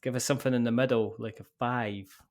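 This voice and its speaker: A man hosts a podcast in an easygoing, playful manner, joking about ratings and teasing his guests. His voice sits at an ordinary middle pitch, and he chuckles often between lines. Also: steady tone, fairly quick, a little mellow. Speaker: podcast host. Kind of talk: casual podcast sign-off.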